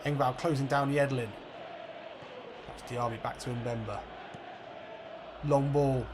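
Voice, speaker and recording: A man commentating his own football video game play by play, swearing and yelling when things go wrong. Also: medium pitch, steady tone, unhurried, crowd noise, background noise. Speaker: gaming commentator.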